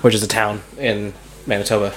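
A man's voice: lowish voice, little pitch movement, brisk, a bit bright, rough recording. A young man from Southern Ontario with a Canadian accent, chatting as a guest, easygoing and a little hesitant. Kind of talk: casual chat.

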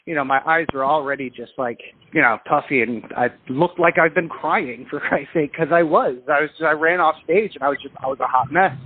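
A man from England calls in as a guest and talks in an animated, self-deprecating rush, often restarting his sentences. His voice sits fairly high. It comes through a tinny, narrow phone line. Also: dry recording. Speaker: guest singer and dancer. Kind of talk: casual storytelling over the phone. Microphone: telephone.

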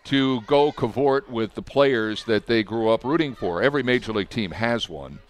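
A man's voice: mid-range voice, normal speed. A man who works as a sports broadcaster, a guest in a casual podcast chat, explaining things in an easygoing way.

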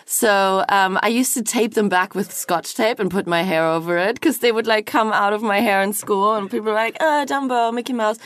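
A woman's voice: mid-range voice, moderate pace, hardly any pauses, a bit bright, no room sound. A woman from Germany, chatty and teasing, talking as a guest on a casual studio chat.

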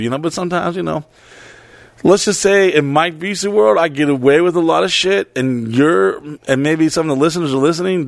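A podcast host, a man with a gravelly, creaky voice, tells a story in loose, rambling casual chat. He swears freely and laughs easily. The sound is dry and close. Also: a little high, no echo.

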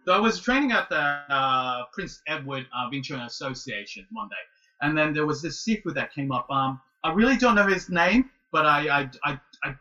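Guy nearly forty, really bright tone, a bit far from the mic, stop-start storytelling. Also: fairly high pitch, highs cut off. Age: 30s. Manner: animated, halting, many restarts and laughs. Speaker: guest, martial arts student. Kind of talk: casual storytelling.

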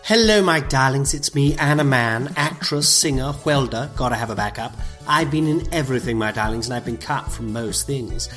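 A man's voice: medium pitch, lively intonation, normal speed, hardly any pauses, close to an everyday voice. A man playing a grand, self-promoting actress, theatrical and gushing in a comedy ad, with music underneath. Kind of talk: comedy podcast ad.

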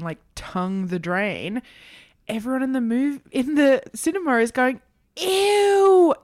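A woman chatting casually on a podcast, her voice smooth and resonant. She rambles with fillers and swears freely, recorded close and dry. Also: mid-range voice, no room sound. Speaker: podcast co-host. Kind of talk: casual chat.

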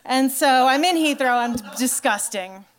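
A woman telling a story in a stand-up comedy set, chatty and animated, full of "like" and swearing. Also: sits high, unhurried. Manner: animated storytelling to a live audience.

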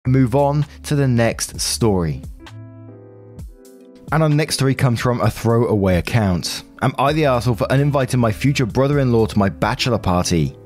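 A man with an average-pitched voice reads posts and comments aloud at a steady pace. He drops in dry, opinionated remarks of his own between the readings. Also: moderate pace, soft background music. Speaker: story-reading channel host.

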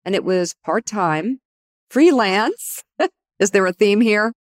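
A middle-aged woman tells a career story in an animated, conversational way, slipping into the voices of the people she quotes. Her voice is recorded close and dry, with no room sound. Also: medium pitch, a little slow, no echo. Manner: animated, acts out quoted dialogue. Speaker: guest, TV news anchor.

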